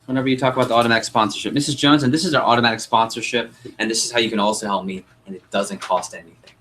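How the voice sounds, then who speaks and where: A man's voice: lowish voice, racing, rough recording. Young guy teaching sales to a room, peppy, acts out customer lines, bit of faint room noise. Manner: energetic coaching, acts out customer dialogue. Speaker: sales trainer. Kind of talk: sales training workshop. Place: meeting room with group.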